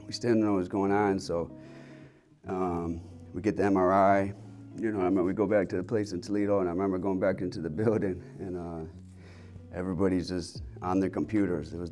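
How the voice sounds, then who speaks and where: A man's voice: low-pitched, a little mellow. A man in his thirties, a health center owner, candidly telling his personal story in a rambling way, with lots of fillers and casual swearing.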